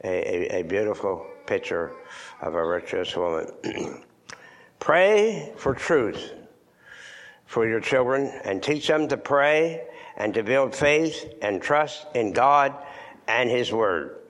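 Older man preaching, lively and emphatic. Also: medium pitch, slow pace. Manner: swings from loud emphatic preaching to hushed near-whispers; old-fashioned scripture reading, repeats words for stress. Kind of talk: sermon. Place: church.

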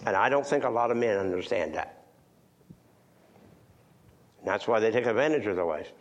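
An older man preaching in a church, moving between loud emphatic lines and hushed near-whispers. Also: fairly low pitch, animated, normal speed, lo-fi sound, slight background noise. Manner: old-fashioned scripture reading, repeats words for stress. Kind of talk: sermon.

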